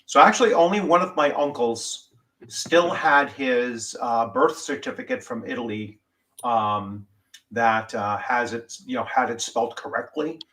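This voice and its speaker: A man's voice: mid-range voice, unhurried, sharp tone. A man with a mid-range voice chatting casually on a podcast. He wanders through his thoughts, stopping often for "uh" and "you know" as he explains. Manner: meandering, with many "uh" and "you know" fillers. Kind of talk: casual chat.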